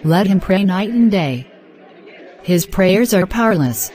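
A woman's voice: mid-range voice, expressive, a little slow, a little mellow, some chatter behind, natural voice. A woman voicing a boastful, scheming wife. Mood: scornful. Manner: dismissive, boastful. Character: scheming wife, proud of her dark altar.

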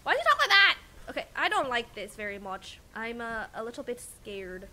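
High, bright, excitable woman streamer. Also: fairly quick, a little hiss or hum. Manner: excitable, giggly, chats to viewers. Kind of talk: casual gameplay commentary.

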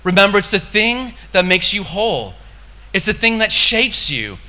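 A man preaching a sermon in a conversational style, with sudden loud, impassioned bursts. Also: sits high, very animated, moderate pace.

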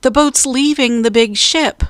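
A woman's voice: high-pitched, unhurried, no echo, clean studio sound, voice pushed up. A woman voicing a bold, bossy young girl who calls out urgently in a storybook reading. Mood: urgent shouts. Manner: urgent, raised, calling out.

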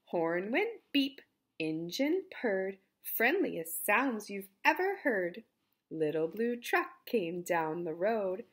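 A woman reading a picture book aloud to young children, animated, with playful animal sounds and friendly asides to her listeners. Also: medium pitch, slow pace. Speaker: children's story reader.

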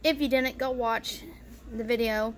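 A woman's voice: a little high, fairly even intonation, a little slow, a little hiss or hum. A woman vlogger telling a family story in casual style, bluntly and with free swearing. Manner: blunt, swears freely, lots of "you know" fillers.

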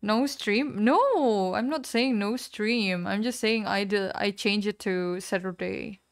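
A young woman streams a game and chats casually with her viewers, reading out chat messages and apologizing often. Her voice is medium in pitch and slow.

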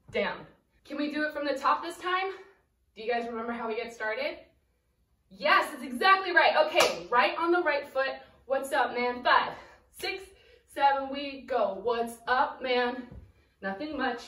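Young woman dance teacher, high voice, slow and upbeat counts, a bit breathless, distant camera mic in a roomy echoey space. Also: pushed and bright, a little hiss or hum. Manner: cheerful, counts beats and calls out steps while dancing. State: slightly out of breath. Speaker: dance instructor. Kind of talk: dance lesson for children. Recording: echoey room, voice from afar.

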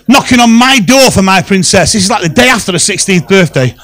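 A Liverpudlian comedian tells a story live on stage, voice pitched fairly high. He talks in quick punchy bursts into a handheld mic. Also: expressive, fairly bright tone, low-quality recording. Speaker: stand-up comedian. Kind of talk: stand-up comedy.

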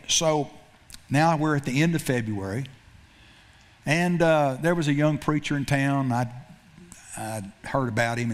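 Pastor, male, mid-pitch, rambling storytelling sermon delivery. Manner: storytelling with repetitions and self-corrections.

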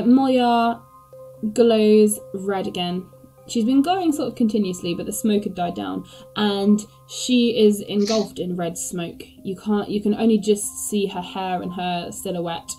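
A woman's voice: medium pitch, slow, warm tone, soft background music, poor audio. A woman game master narrating a tabletop game, describing scenes hesitantly with many fillers.

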